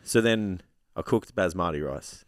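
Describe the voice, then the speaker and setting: A man's voice: low-pitched, measured pace, no echo, studio quality. A man co-hosting a podcast in casual chat, blunt and opinionated, teasing his friend. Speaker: podcast co-host.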